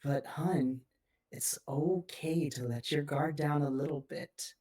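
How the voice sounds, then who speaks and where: A game master voicing a gentle, reassuring aunt who mothers a younger man in a tabletop game. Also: medium pitch, very animated, slow. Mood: gentle, soothing. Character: warm motherly aunt, older woman. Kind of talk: tabletop role-play character voice.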